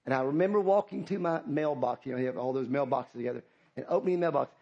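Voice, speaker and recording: A man's voice: medium pitch, fast, creaky, darkish tone, muffled recording. A middle-aged man, preaching a sermon as pastor, impassioned and repetitive, calling out to the congregation.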